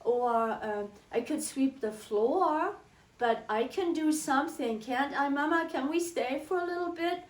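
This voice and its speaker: A woman's voice: high voice, measured pace, pitched above the performer's own voice. Eager little girl, as a woman puts her on. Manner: eager, pleading. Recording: roomy, from a distance.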